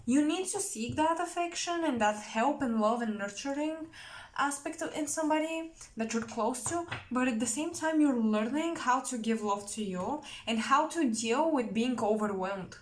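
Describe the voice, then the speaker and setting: A woman's voice: sits high, lively intonation, moderate pace. A young woman giving a casual tarot reading, chatty and rambling, with many fillers and self-corrections. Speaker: tarot reader.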